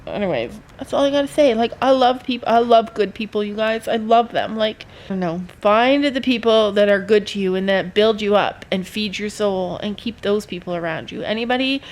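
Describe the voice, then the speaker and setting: Emotional farm vlogger, a woman who rambles and repeats herself as she talks to camera. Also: medium pitch. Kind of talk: casual talk to camera. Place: farm barn.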